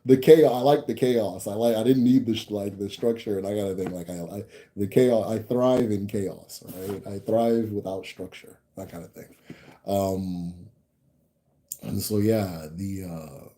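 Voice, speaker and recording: A man hosting a livestream, answering viewer chat in a rambling, animated way with lots of fillers. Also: lowish voice, unhurried, a little hiss or hum. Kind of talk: casual live chat.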